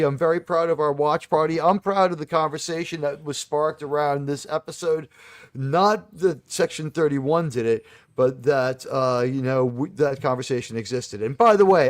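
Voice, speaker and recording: A man's voice: on the high side, no room sound. A man with a New York accent slightly touched by Boston, hosting a live stream panel in a rambling, effusive way with many fillers and restarts. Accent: New York, slightly Boston-tinged. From New York City. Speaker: host of a live watch-party panel stream. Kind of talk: casual live-stream chat.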